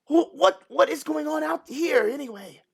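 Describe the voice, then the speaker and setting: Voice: high-pitched, normal speed, gravelly, voice pushed up. A game master voicing a flustered village father who stammers anxiously while gathering his children.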